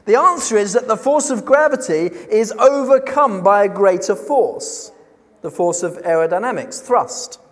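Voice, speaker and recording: A man preaching a sermon, emphatic, posing rhetorical questions and slowing down on key words. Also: high-pitched, expressive. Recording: long reverb of a large hall.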